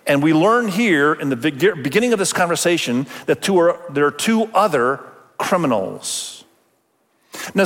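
A man's voice: fairly high pitch, fairly bright tone, long reverb tail. A man preaching a sermon as pastor, talking conversationally and acting out quoted voices.

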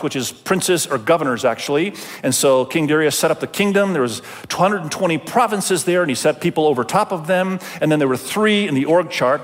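Male pastor, chatty sermon delivery, a touch high-pitched, recorded with a lingering hall echo. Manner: conversational, addresses listeners directly. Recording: long hall reverb.

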